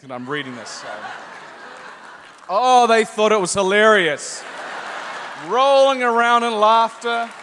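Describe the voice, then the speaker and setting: Kiwi male guest on a con panel, higher voice, animated anecdote teller, echoey hall. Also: measured pace, long pauses, a faint crowd. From New Zealand. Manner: animated storyteller, acts out voices. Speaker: guest actor on a convention panel. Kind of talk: live anecdote storytelling to an audience. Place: large convention hall. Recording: echoey convention hall, faint noise.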